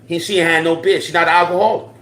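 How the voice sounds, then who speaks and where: A man's voice: a little high, steady tone, rapid-fire, fairly bright tone. A man giving impassioned, slangy social commentary to his viewers, repeating his points for emphasis. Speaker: online commentator. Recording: roomy echo.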